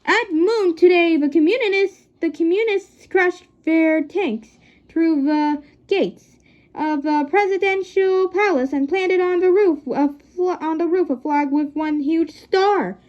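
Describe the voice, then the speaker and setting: A woman reading aloud puts on a shaking, soaked pilot bursting in with urgent news, shouting in a high, raised voice. The tone is mellow and the recording dull and lo-fi. It is storybook narration with a hurried, alarmed edge.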